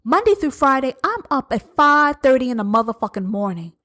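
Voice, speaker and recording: A woman's voice: sits high, big pitch swings, fairly quick, bright, forceful tone. A woman hosting a podcast, delivering a heated, profane, sarcastic political rant. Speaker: podcast host.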